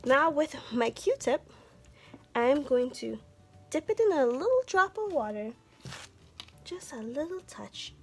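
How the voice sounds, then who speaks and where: A woman teaching a children's art lesson, speaking gently and encouraging viewers to take their time. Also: high-pitched, sing-song, slow pace, pauses often. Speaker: art instructor.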